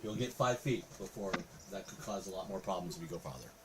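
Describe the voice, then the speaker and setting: A man's voice: low voice, animated, quick pace, a crowd in the background. A man narrating a tabletop game session as game master, explaining the scene steadily and often restarting his sentences.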